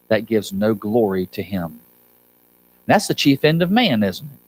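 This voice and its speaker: A man's voice: mid-range voice, big pitch swings, a little slow, rough recording. A man preaching a sermon as pastor, pleading with the congregation and rising to urgent appeals. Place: church sanctuary.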